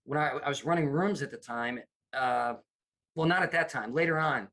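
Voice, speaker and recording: With a medium-pitched voice and a moderate pace, this middle-aged man from the US tells stories casually in an interview. A comedy producer, he's animated and voices the people he quotes.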